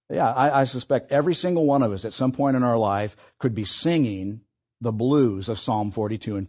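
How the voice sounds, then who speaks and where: Husky-voiced male pastor preaching. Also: medium pitch, darkish tone. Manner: earnest, conversational preaching with fillers and restarts. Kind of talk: sermon.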